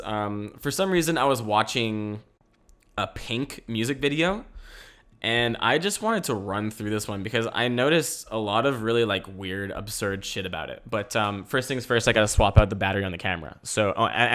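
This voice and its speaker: A young man hosting a casual solo podcast from home, rambling and energetic and laughing often. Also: mid-range voice. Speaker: podcast host.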